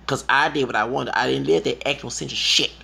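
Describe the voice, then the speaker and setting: A man in a casual vlog rant, emphatic and profane, swinging between low mutters and loud outbursts. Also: steady tone, a little fast, gravelly, slightly rough. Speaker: vlogger. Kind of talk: impassioned personal rant. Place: Houston.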